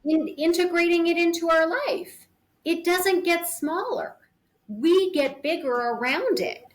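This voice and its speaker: A woman's voice: extremely high pitch, unhurried. Earnest woman speaking about grief. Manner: earnest, thoughtful, explains with imagery. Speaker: podcast guest on grief. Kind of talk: reflective conversational interview.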